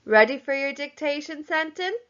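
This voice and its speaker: A young woman teacher giving a recorded lesson to young children, speaking slowly and clearly and sounding out words. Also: high voice, lively intonation, a bit bright. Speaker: primary school teacher. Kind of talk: recorded home-learning lesson. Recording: slightly dull, lo-fi audio.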